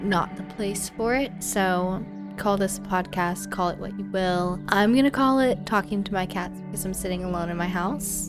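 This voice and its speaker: A young woman in her twenties hosting a casual solo podcast from home, chatty and rambling, her voice a little hoarse from a cold. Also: mid-range voice, normal speed, music in the background. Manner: chatty, self-deprecating, rambling. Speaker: podcast host. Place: alone at home.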